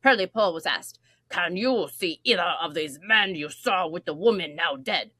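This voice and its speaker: A woman's voice: lowish voice, expressive, normal speed, bright, forceful tone, dry recording, voice pushed down. A woman voicing a Victorian newspaper reader in a put-on Cockney accent, reading in an over-dramatic, theatrical way. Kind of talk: podcast chat.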